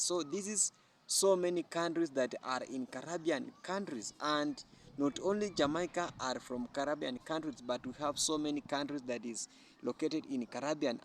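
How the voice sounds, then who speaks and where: A man's voice: fairly high pitch, slight background noise. A man giving earnest opinion commentary, explaining at length with repeated phrases and restarts. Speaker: YouTube commentator.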